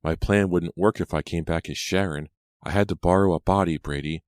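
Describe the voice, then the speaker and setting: A deep-voiced man reading a cruel vengeful ghost girl. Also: fairly even intonation, brisk, dry recording, clean studio sound, natural voice. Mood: gloating. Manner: mocking, gloating. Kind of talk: audiobook character reading.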